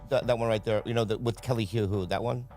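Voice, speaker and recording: A man's voice: lowish voice, fairly even intonation, quick pace, a little mellow, soft background music. A man guesting on a podcast, chatting casually and teasing playfully. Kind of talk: casual chat.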